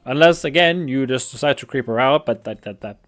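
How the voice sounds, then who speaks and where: A man's voice: mid-range voice, brisk, a bit bright. A man giving casual, rambling commentary while he plays a visual novel, often stumbling and restarting his sentences. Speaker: gamer. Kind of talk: gameplay commentary.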